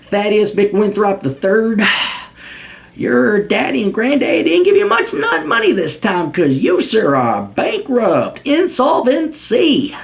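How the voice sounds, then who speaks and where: A man's voice: high voice, sing-song, slow, gravelly, voice pushed up, exaggerated voice. Man doing a drawling Texan agent. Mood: taunting. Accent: put-on Southern US. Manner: drawling, taunting, mock-polite. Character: swaggering Texan male federal agent, cocky.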